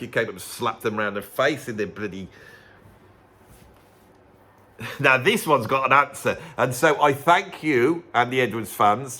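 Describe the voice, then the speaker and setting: A man's voice: mid-range voice, bright, forceful tone. A middle-aged man with a Birmingham accent, talking straight to camera in a chatty, sarcastic vlog. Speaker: musician and YouTuber.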